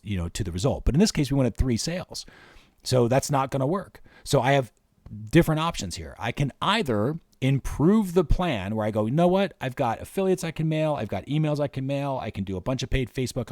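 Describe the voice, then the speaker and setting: A man's voice: lowish voice, darkish tone, no echo, clean studio sound. A man hosting a marketing workshop, walking casually through spreadsheet figures step by step. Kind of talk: screen-share workshop explanation.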